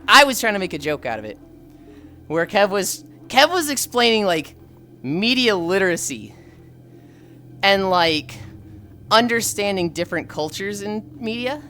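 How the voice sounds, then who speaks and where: Rambling streamer woman with lively pitch. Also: unhurried, long pauses, slight background noise. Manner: rambling, thinking aloud, frequent sighs. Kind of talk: casual live-stream chat, reading chat aloud. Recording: faint music behind.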